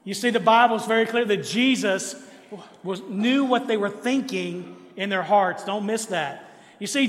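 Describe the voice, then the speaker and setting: Pastor, male, high voice, emphatic preacher, reverberant church hall. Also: fairly bright tone. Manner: emphatic preaching with repeated refrains. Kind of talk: sermon. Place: church sanctuary.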